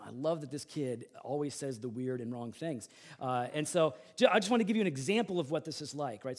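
High-voiced pastor preaching with animated storytelling. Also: male voice. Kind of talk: sermon with personal story.

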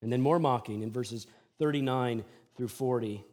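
A male pastor preaching a sermon, moving from hushed, quiet passages to loud, emphatic ones and acting out mocking voices from the scripture he reads. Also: mid-range voice, moderate pace. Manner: acts out mocking voices while reading scripture.

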